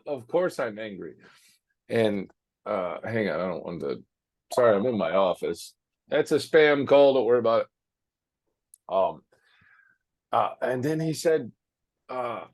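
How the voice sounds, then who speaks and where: A man talking frankly as an interview guest, with many fillers and restarts, from his office. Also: mid-range voice. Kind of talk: casual interview storytelling.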